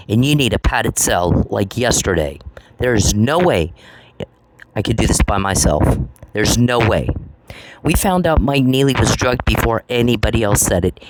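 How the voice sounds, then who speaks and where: Guy ranting at someone, swearing a lot, repeating himself, mid pitch voice, noisy clicky recording. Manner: confrontational, profane, repeats phrases for emphasis. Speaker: channel host. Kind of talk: angry solo monologue.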